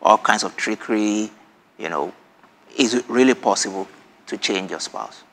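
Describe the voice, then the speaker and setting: A man hosting a talk show, asking measured questions and leading into breaks. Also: on the low side, fairly bright tone, big-room sound.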